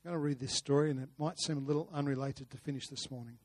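A man's voice: mid-range voice, steady tone, rapid-fire, dry recording. A man preaching a sermon, earnest, with rhetorical questions and repeated words. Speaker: pastor. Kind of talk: sermon with a told story.

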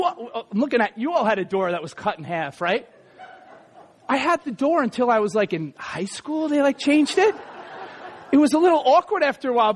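Very high-pitched man giving a conversational sermon, joking aside to the crowd. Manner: chatty, self-deprecating, many asides. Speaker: preacher.

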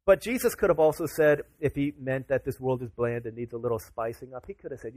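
A man's voice: mid-range voice, quick pace, few pauses, darkish tone, dry recording. A man preaching a sermon to his congregation, casual and chatty, rising to emphatic declarations. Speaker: pastor.

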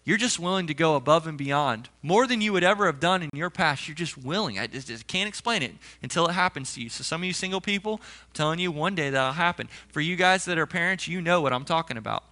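Young male pastor, high bright voice, conversational animated sermon delivery. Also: quick pace. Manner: conversational, animated storytelling preacher.

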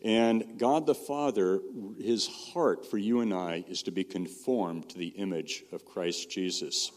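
A middle-aged man preaching a sermon, telling stories in a conversational way and sinking to a soft, low voice on key points. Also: unhurried. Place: church or meeting hall. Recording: long reverb of a church hall.

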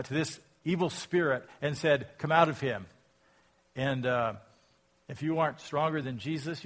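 A pastor preaching a sermon, reading scripture aloud and asking reflective, rhetorical questions. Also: male voice, a little high. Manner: reflective, asks rhetorical questions, rises in volume when quoting scripture.

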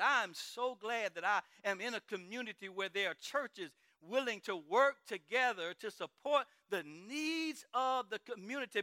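A man's voice: very high voice, sharp tone, no room sound. A man preaching a sermon in a church, driving his points with repeated rhetorical questions.

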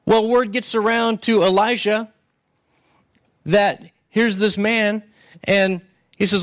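A male pastor delivers a sermon in a loose, conversational manner, retelling a scripture story with frequent restarts. His voice sits fairly high for a man, and he often pauses to check in with his listeners. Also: steady tone, a bit bright. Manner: conversational, keeps checking in with "right?"; retells stories with restarts and acted asides.

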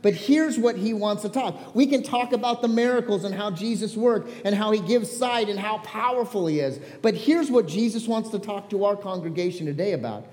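A male pastor preaching a sermon, animated and storytelling, joking with the congregation. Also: sits high, normal speed, few pauses, in a large hall.

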